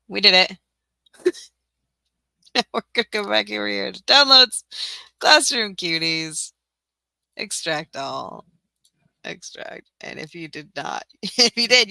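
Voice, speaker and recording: A young adult woman, a teacher-resource creator, hosts a casual live-stream tutorial, chatting to herself while she works, poking fun at herself and laughing often. Her medium-pitched voice is animated yet slow, pushed and bright, with vocal fry and long pauses. The recording has no room sound.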